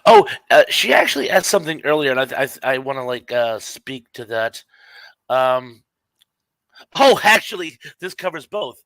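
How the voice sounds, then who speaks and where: A man's voice: mid-range voice, lively intonation, moderate pace, fairly bright tone, dry recording, poor audio. A middle-aged man co-hosting a live podcast, reading out viewer comments and chatting about them. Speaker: podcast co-host. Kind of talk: casual live-stream chat.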